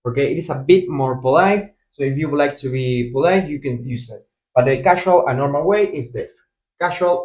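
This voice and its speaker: A man from Argentina with an Argentine accent, teaching in a casual video lesson and repeating phrases slowly so learners can follow. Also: a little high, darkish tone, reverberant, low-quality recording. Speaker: Spanish teacher.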